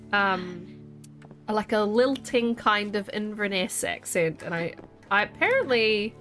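Brief: chatty, animated woman streamer, mid-pitched, faint game music in the background. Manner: chatty and animated, with a questioning lilt. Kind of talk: casual game commentary.

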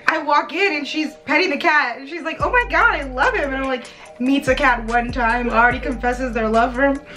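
A woman's voice: high-pitched, steady tone, brisk, bright, forceful tone, soft background music. Teasing young woman chatting with a friend. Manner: teasing, laughs often, reads questions aloud. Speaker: YouTube vlogger. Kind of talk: casual chat with a friend.

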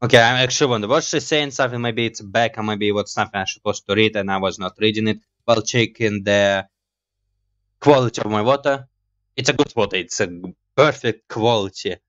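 Excitable man, slightly dull mic. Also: lowish voice, brisk. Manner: excitable, jokey, laughs at himself. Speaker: gaming YouTuber. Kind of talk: casual let's-play commentary.

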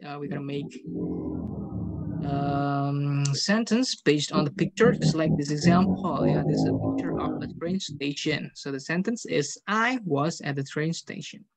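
A man's voice: on the high side, wildly swooping pitch, unhurried, gravelly, darkish tone. A man with an Indonesian accent teaching an English class over a video call, patiently calling on pupils and explaining grammar step by step. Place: online meeting from home.

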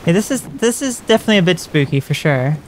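A man's voice: high-pitched, sing-song, fast, a little hiss or hum. Wry man chatting through a horror game. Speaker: let's play host. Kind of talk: casual gameplay commentary.

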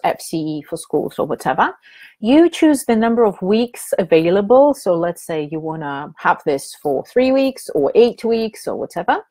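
A woman's voice: lowish voice, a little mellow. Chatty woman presenting a webinar. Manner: chatty, hesitant, many fillers and restarts. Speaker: teacher trainer presenting a webinar.

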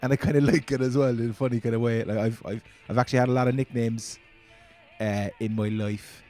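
A man from Ireland with a Cork accent rambles casually through his first gaming commentary as a channel host. His medium-pitched voice is steady, brisk and a little mellow, with soft music in the background.

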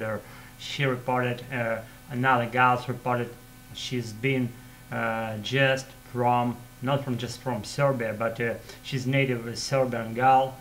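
A man with a Russian accent rambles in English in a casual vlog, talking at a mid pitch. His phrasing is halting and non-native, full of fillers and false starts. A faint hum sits under the voice. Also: fairly bright tone, rough recording. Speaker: vlogger practicing English.

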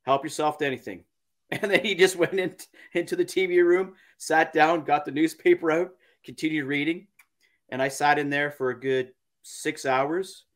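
A man, a podcast guest, telling a story in a halting, casual way, repeating words and using many fillers. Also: fairly high pitch, fairly even intonation, a bit bright.

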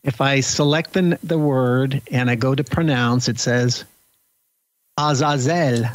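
A man's voice: medium pitch, measured pace, dry recording, low-quality recording. A man thinking aloud as a panelist in a casual roundtable discussion over a video call. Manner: thinks aloud, self-correcting.

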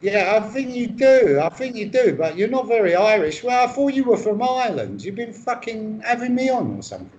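A man's voice: high voice, big pitch swings, brisk, few pauses, a little mellow, highs cut off, slight background noise. A man from England improvising a comedy chat, rambling and sweary with a mock-earnest tone. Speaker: comedy co-host.

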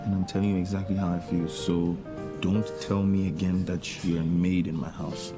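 An actor playing an earnest young man pleading with the maid he loves, speaking in an even, reassuring way. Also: sits low, moderate pace, lightly acted. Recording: guitar music under the voice.

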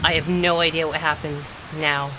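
A woman's voice: deep voice, little pitch movement, moderate pace, noisy background. A woman playing a horror game and commenting as she goes, tense and swearing, talking to herself and to the game. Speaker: let's play gamer.

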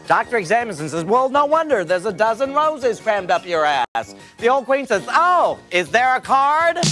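A man playing a crude, loud-mouthed nightclub comic emcee who shouts his punchlines and cackles at his own jokes. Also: very high voice, pitched above the performer's own voice, heavily acted.

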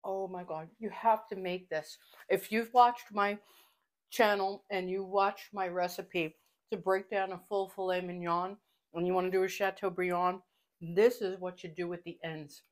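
A woman's voice: lowish voice, steady tone, normal speed. A middle-aged woman hosting a casual home cooking vlog from her kitchen, chatty and enthusiastic as she shares kitchen tips. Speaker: cooking channel host.

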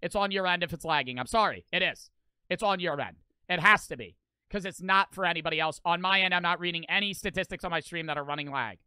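A man's voice: sits high, fast talker, pushed and bright, clear, resonant tone, no room sound. A young man streaming a reaction video, with profane, mocking, rambling commentary.

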